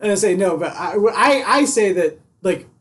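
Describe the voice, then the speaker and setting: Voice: mid-range voice, expressive, measured pace. Teasing Midwestern American streamer. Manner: chatty, teasing. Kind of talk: casual chat.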